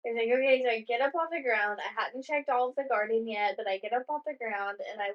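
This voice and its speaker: A woman's voice: on the high side, fast. A woman co-hosting a casual chat podcast, telling a long story in a rambling way and filling it with "like". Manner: rambling storyteller, heavy use of "like", acts out quoted lines. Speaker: podcast co-host. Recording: dull, muffled lo-fi sound.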